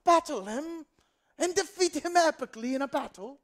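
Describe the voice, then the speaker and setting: Brief: excited little grandson in a falsetto, done by a male preacher, awestruck. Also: normal speed. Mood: awestruck eager. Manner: breathless gushing questions.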